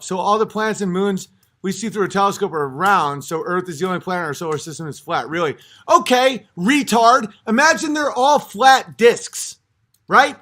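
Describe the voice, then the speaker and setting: A young man with a notably high voice rants on a livestream, a few drinks in. He swears constantly and trips over restarts as he reacts to his chat in exasperation. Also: a bit bright. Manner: profane, exasperated ranting with restarts. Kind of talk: livestream rant.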